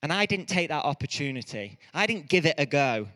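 A man preaching a sermon, telling stories in a lively way and often correcting himself mid-sentence. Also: fairly high pitch, big-room sound. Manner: lively storytelling with quick self-corrections.

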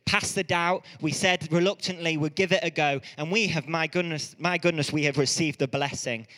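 A man preaching a sermon, telling stories in a lively way and often correcting himself mid-sentence. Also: a little high, long reverb tail. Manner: lively storytelling with quick self-corrections.

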